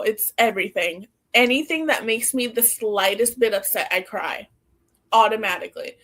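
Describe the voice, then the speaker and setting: A woman's voice: a little high, normal speed, fairly bright tone. A young woman co-hosting a podcast, chatting casually and laughing often between her sentences. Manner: laughs often while talking, lots of "like". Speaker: podcast co-host. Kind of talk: casual chat.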